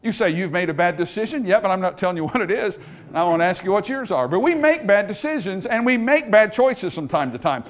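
A man preaches a sermon with a high, lively voice that climbs and falls widely. He drops low and slow to quote scripture, then rises to loud, emphatic declarations before his congregation. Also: a little hiss or hum. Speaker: pastor. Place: church in front of a congregation.

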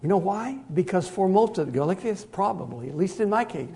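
A man preaching a conversational sermon, moving from hushed asides to loud emphatic lines and chuckling at himself. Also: high-pitched, expressive, brisk.

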